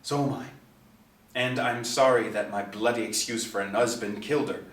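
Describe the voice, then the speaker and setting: A man's voice: fairly low pitch, fairly even intonation, normal speed, lightly acted. A man voicing a grating, plain-spoken woman with an Australian western suburbs accent, the estranged wife of a killer, in a storybook reading. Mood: bitter. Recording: echoey, distant mic.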